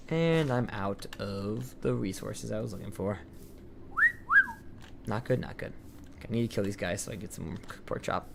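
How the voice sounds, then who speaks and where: A man's voice: fairly low pitch, normal speed, creaky, pauses often. A man streaming, telling a long rambling story while he plays, full of "like" fillers and restarts. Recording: noisy home stream mic with clicks.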